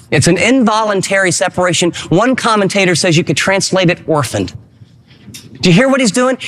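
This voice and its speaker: A man preaching a radio sermon, animated, with dramatic swings between slow emphasis and quick asides. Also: high-pitched. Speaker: pastor.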